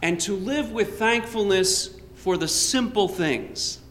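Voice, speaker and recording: A man preaching a sermon in a church, speaking in a slow, measured way with touches of light humor. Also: high-pitched, expressive, a bit bright, a little hiss or hum. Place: church sanctuary. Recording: roomy church with long reverb.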